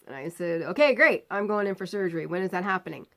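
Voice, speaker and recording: A woman vlogger telling a personal story, acting out the people in it with lively, rising outbursts. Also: fairly low pitch, quick pace. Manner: animated retelling, acting out quoted lines.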